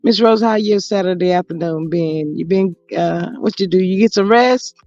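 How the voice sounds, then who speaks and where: A woman's voice: on the low side, moderate pace, darkish tone, no echo. A woman hosting a casual livestream, chatty and sassy, greeting her viewers by name. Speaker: YouTube livestream host. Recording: dull lo-fi audio with faint music.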